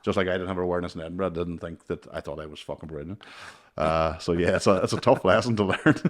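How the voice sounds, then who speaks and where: A man's voice: sits low, quick pace. A man hosting a casual podcast chat, a comedian telling stories animatedly and swearing often. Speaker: podcast host and stand-up comedian.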